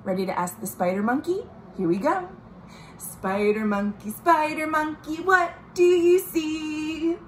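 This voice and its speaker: Woman librarian, storytime read-aloud, unhurried sing-song delivery, slightly high voice, echoey home room with faint noise. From United States. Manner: gentle, sing-song, asks the listening children questions. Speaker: children's librarian.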